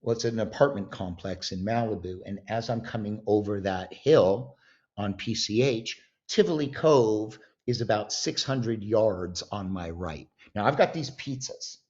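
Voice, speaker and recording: A man guest on a podcast, telling a story with emphatic, animated delivery and acting out the voices of the people in it. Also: on the low side, measured pace. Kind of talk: storytelling in an interview. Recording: dull lo-fi sound.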